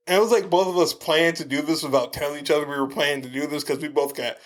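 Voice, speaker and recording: A man's voice: on the high side, fast talker. Profane storytelling podcast man. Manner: profane, storytelling, animated retelling. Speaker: podcast co-host. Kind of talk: casual chat.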